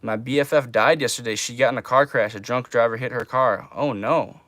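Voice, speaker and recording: A man's voice: medium pitch, fairly even intonation, a little fast, fairly bright tone, no echo. A young man chatting casually on a livestream, laid-back and drawling, calling people man and bro.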